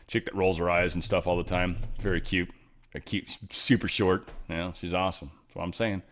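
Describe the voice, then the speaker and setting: A man hosting a commentary show, talking casually with sarcastic jokes, restarts and fillers. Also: low voice. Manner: animated, joking asides, sarcastic, frequent fillers and restarts. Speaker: political commentary show host.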